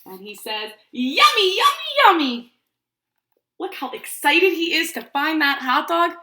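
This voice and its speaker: A woman pre-K teacher reading a picture book aloud to young children, in an animated way and often asking them questions. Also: high-pitched, normal speed, roomy sound.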